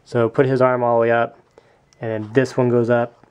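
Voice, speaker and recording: A young man with an ordinary middle-pitched voice talks through his handmade toy figure. His delivery is loose and chatty, full of ums, and he stops to correct himself along the way. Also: completely flat delivery, moderate pace, a little mellow, clear, resonant tone, dull audio. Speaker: custom toy maker. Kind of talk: casual show-and-tell vlog.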